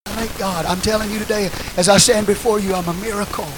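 A man preaching a sermon, swinging between shouted call-and-response lines and low, quiet asides to the congregation. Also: fairly even intonation, fast talker, background noise. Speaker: pastor.

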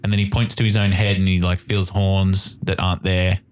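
A man's voice: sits low, level tone, brisk. A man narrating as game master of a tabletop game, in loose, chatty narration.

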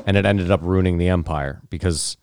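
Very deep man cutting in to argue. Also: a little fast, darkish tone, no room sound. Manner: argumentative, cuts in. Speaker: podcast co-host. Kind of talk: casual chat.

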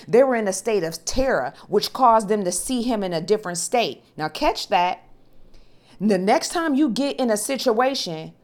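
A woman podcast preacher teaching the Bible in sermon style, impassioned and repetitive, building to emphatic peaks. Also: medium pitch.

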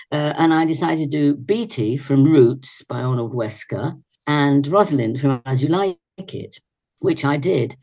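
Older actress from Leicester, England, as an interview guest; husky, animated storyteller with self-corrections, over a video call. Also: female voice, low voice, a little slow. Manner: chatty and animated, with little laughs and self-corrections. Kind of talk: reminiscing in a casual interview. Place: indoors at home.

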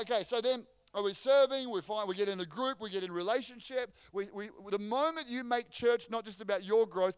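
A man preaching a sermon as pastor, energetic and joking, often restarting his phrases. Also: high-pitched, clean tone, no room sound. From Australia.

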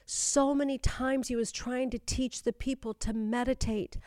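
Woman, spiritual coach, Bible teaching, emphatic and repetitive, slightly high voice, dry close sound. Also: steady tone, measured pace, a little mellow, no echo. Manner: emphatic, repeats key phrases for emphasis; addresses listeners directly, urging them to stay with her. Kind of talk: Bible teaching for a YouTube channel and podcast.

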